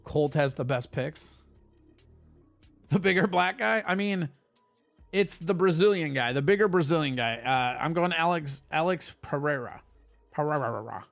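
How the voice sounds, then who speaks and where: A man with a gravelly voice chats loosely on a live stream, swearing freely and answering his viewers' messages. His voice sits a little high for a man, and faint music plays underneath. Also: moderate pace, fairly bright tone. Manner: loose, profane, reads chat aloud. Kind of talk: casual live stream chat.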